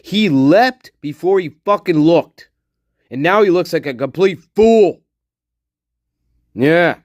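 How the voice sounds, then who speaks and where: Male streamer, angry profane rant, higher voice swinging widely in pitch, close and dry sound. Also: animated, slow pace, no room sound, dull audio. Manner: muttering while reading chat. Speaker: livestream host. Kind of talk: casual livestream chat.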